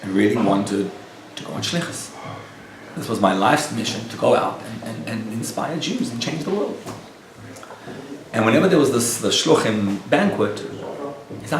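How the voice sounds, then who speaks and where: A man who is a rabbi tells a story to a live audience in a lively way and acts out the dialogue. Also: mid-range voice, moderate pace, pauses often, background noise. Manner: animated storyteller acting out quoted dialogue. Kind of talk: storytelling lecture. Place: lecture room with a live audience. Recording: echoey room, picked up from a distance.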